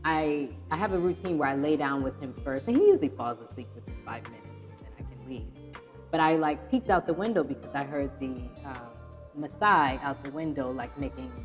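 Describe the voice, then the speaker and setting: A woman host with a slightly low voice tells a story in a lively, rapid, chatty way. Her voice rings with a long hall reverb, and faint music plays underneath. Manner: animated, fast-talking, filler-heavy. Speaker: podcast host. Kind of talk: casual conversational storytelling.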